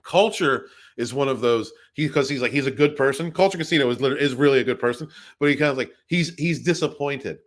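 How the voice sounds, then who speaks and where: A man's voice: mid-range voice, fast, hardly any pauses. A man hosting a casual livestream podcast, chatting nonstop, rambling and greeting viewers in the chat by name.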